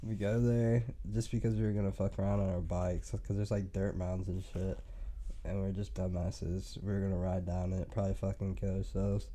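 A man's voice: on the low side, mellow. A young man telling a rambling, profane story on a podcast, laughing often. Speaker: podcast host. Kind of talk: casual storytelling.

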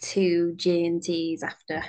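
A woman's voice: on the low side, completely flat delivery, slow, mellow. Chatty British woman recounting her week. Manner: chatty, rambling with many fillers. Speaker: podcast co-host. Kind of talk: casual chat.

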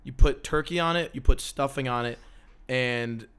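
A man's voice: medium pitch, moderate pace, a bit bright, clear, resonant tone. Laid-back young man, slangy podcast chat. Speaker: podcast co-host. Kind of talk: casual chat.

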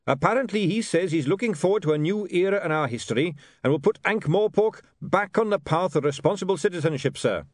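Eager young captain, polite and keen, voice up high, man reading. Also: expressive, a little fast, few pauses, no room sound, studio quality. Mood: dutiful. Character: earnest young male watch captain, polite.

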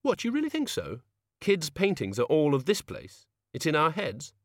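A man voicing a stern, impatient young woman governess who talks in a brisk, matter-of-fact way. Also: fairly high pitch, very animated, fairly bright tone, dry recording, studio quality, voice pushed up. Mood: puzzled.

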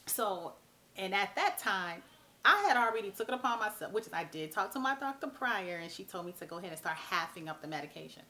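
A woman's voice: mid-range voice, a little fast. Chatty woman vlogger. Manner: animated, chatty, blunt, mild cursing. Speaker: vlog host. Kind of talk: casual talk to camera.

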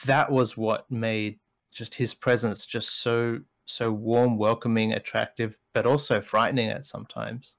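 A man talking candidly on a podcast, open about his feelings and now and then hunting for the right word. His voice sits a little low. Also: level tone, a little slow, creaky. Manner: candid, emotional, searching for words. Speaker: podcast co-host. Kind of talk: reflective faith discussion.

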